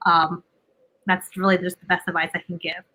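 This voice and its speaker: A woman's voice: on the low side, little pitch movement, moderate pace, sharp tone, slight background noise, rough recording. A woman guest on an interview, confidently explaining communication advice and often checking in with "right?". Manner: confident, instructive, emphatic with tag questions. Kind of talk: advice-giving interview talk.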